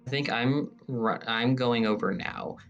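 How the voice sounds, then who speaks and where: A man's voice: mid-range voice, measured pace, a bit bright, far from the mic, dull audio, soft background music. A man playing a tabletop game, thinking aloud hesitantly about his character's plan. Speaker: player. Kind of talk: casual tabletop play.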